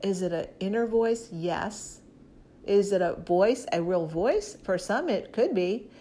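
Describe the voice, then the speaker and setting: A woman's voice: medium pitch, animated, measured pace, warm tone. A woman preacher with an ordinary mid-range voice teaching from the Bible in a loose, conversational way. She talks straight to her listeners and presses her points with emphasis, leaning in on what she repeats. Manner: emphatic, direct address to listeners.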